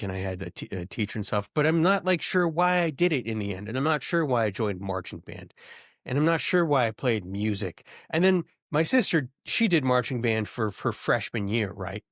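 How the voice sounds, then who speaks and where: A man's voice: brisk, no echo. Young guy cohosting a podcast, goofy rants, voice jumps up when he's fired up, dead dry mic. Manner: animated, jokey, rants with rising pitch. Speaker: podcast co-host. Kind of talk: casual banter.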